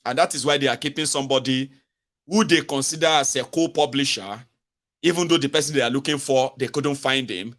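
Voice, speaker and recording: A man's voice: mid-range voice, fairly quick, fairly bright tone. A man with a Nigerian accent hosting a live-stream political commentary, talking in a mocking way and slipping into pidgin. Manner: mocking, acts out quoted voices, mixes in pidgin. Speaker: host.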